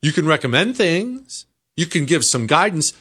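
A man's voice: on the high side, sing-song, moderate pace, bright, forceful tone, slightly rough. An American man hosting a talk show, delivering an opinionated monologue that is full of emphatic rhetorical questions. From United States. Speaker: political talk show host.

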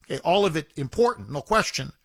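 A man with a high voice hosts a call-in talk radio show, pressing his points hard and repeating words for stress. His voice sits close and dry on the studio mic, with no room sound around it. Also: big pitch swings, fast, gravelly, slightly rough, no room sound.

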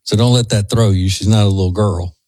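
A man's voice: fairly low pitch, fairly even intonation, fairly quick, warm tone, no room sound. A man co-hosting a talk show, chatting in a rambling, laid-back way. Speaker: radio show co-host. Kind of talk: casual chat.

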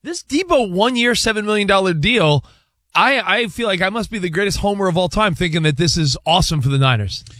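A man hosting a sports talk show, chatting casually in an animated, rambling, jokey way. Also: high-pitched, a little fast, no room sound, clean studio sound. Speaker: sports radio host.

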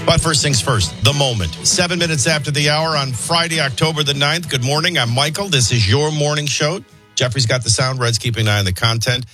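A man's voice: mid-range voice, a little fast, bright, forceful tone, faint music behind. A man hosting a morning talk radio show, brash and joking.

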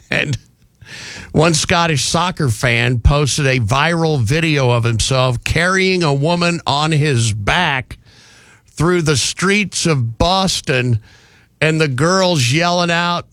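A man's voice: a little high, takes it slowly, fairly bright tone, no echo. A man hosting a talk radio show, delivering mocking, sarcastic commentary on a studio microphone.

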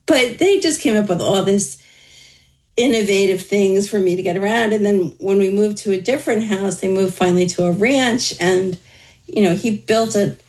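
A woman with a medium-pitched, darkish voice is interviewed as an author, recounting her life in a candid, conversational way. She addresses hardship plainly and with wry humor, though the audio is poor.

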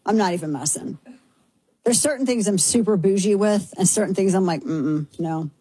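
A woman's voice: medium pitch, warm tone, breathy edge, no echo. A woman hosting a talk show, delivering a brash, sarcastic opinion monologue. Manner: brash, sarcastic, fast-shifting.

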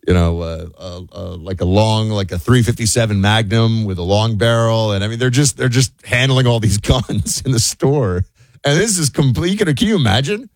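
A middle-aged man from the United States hosting a show, talking in a loose, animated way full of fillers and restarts. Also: fairly low pitch, dry recording. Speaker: show host. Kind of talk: casual commentary monologue.

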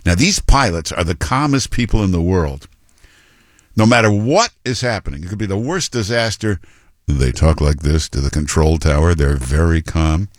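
A man's voice: sits low, animated, normal speed, dry recording, clean studio sound. A male talk radio host giving blunt, mocking commentary with many fillers and restarts.

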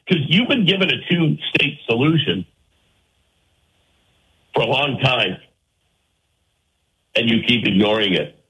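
A man's voice: medium pitch, lively intonation, a little slow, long pauses, sharp tone, low-quality recording. A man hosting a call-in radio show, arguing his point emphatically and firing rhetorical questions at his listeners. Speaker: talk radio host.

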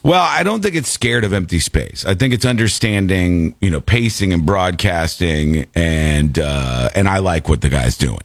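A man's voice: expressive, moderate pace, vocal fry, few pauses, no echo, studio quality. A male show host talking in a playful, jokey way, with a stuffy, congested voice. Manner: playful, jokey, swings pitch widely. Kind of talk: casual comedic show banter.

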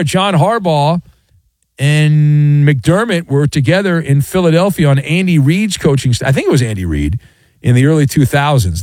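A man hosting a sports talk radio show, riffing sarcastically in a jokey, animated monologue. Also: fairly high pitch, no echo.

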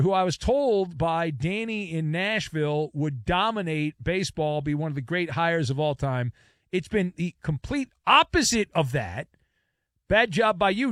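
A man's voice: fairly high pitch, fairly bright tone, no room sound, studio quality. A man hosting a sports talk radio show, playful and theatrical, with joking asides and repetitions. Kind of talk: sports talk radio with live-read ads.

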